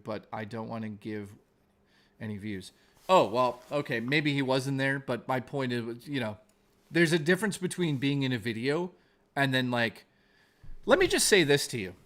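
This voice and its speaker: A man's voice: medium pitch, animated, moderate pace, fairly bright tone. A man on a live stream ranting in anger, swearing often, then reading his chat aloud. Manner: heated, profane, repetitive ranting.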